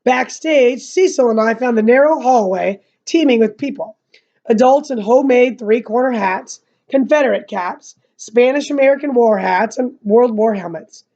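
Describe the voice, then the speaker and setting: A woman's voice: fairly high pitch, moderate pace. Woman reading a novel aloud, lo-fi. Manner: casual asides between reading, slightly monotone narration. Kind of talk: read-aloud with commentary.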